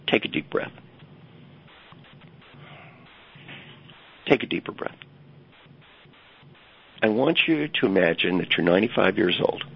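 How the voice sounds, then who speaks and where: Older male coach guest, low gravelly voice, emphatic storyteller, muffled lo-fi recording. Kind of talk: storytelling interview answer. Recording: dull lo-fi remote audio.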